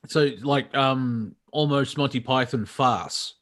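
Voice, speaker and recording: A man's voice: mid-range voice, takes it slowly, fairly bright tone. A man co-hosting a live comedy talk show, rambling with fillers and laughing often. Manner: giggly, rambling, full of fillers. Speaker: co-host.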